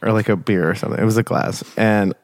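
A man in his twenties, a podcast co-host, telling animated stories in casual chat, full of "like" and swearing. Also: lowish voice, fast talker, no echo. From Midwest of the United States. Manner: animated storyteller, lots of "like", swearing, laughing.

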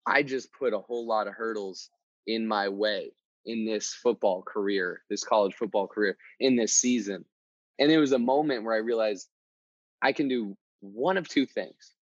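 A man hosting a motivational podcast, telling a personal story in a casual, energetic way and often repeating himself. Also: mid-range voice, dry recording. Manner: energetic, conversational, repeats words. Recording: dull, dry sound.

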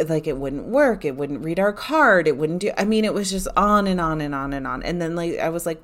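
A woman's voice: sits low, animated, fairly quick, hardly any pauses, a bit bright. A woman vlogger telling a casual story in a chatty, candid way that often turns exasperated. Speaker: vlogger recounting a theme park trip.

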